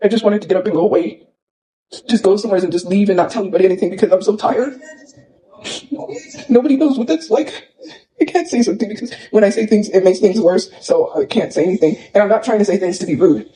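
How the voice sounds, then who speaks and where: Upset man livestreaming, high and soft-toned, rattles on fast with lots of fillers. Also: rough recording. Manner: upset, rambling, repeats himself with many fillers. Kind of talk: emotional livestream rant.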